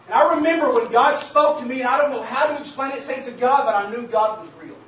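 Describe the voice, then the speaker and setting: A man preaching a sermon and sharing his testimony, calling out to the congregation as saints of God and building to emphatic shouts. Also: extremely high pitch, fast talker. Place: church hall. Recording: very echoey, distant, dull church recording with faint hiss.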